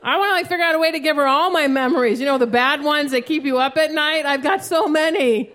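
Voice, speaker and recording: A woman in her thirties performing a profane, animated stand-up set on a club stage. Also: high-pitched, quick pace. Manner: profane, animated storytelling with acted outbursts. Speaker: stand-up comedian. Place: comedy club stage before a live audience. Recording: live show with audience noise.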